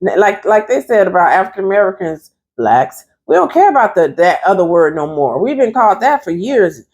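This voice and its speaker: A woman's voice: mid-range voice, sing-song, a little fast, darkish tone. A woman therapist and life coach giving a chatty, emphatic motivational vlog talk straight to her viewers. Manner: chatty and emphatic, addresses viewers as "you all".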